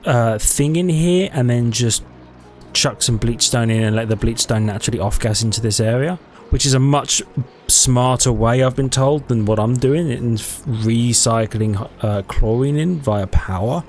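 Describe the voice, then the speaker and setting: A man's voice: mid-range voice, moderate pace, a little mellow, soft background music. A man giving casual let's-play commentary, thinking aloud in a chatty way and correcting himself as he goes. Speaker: gaming YouTuber.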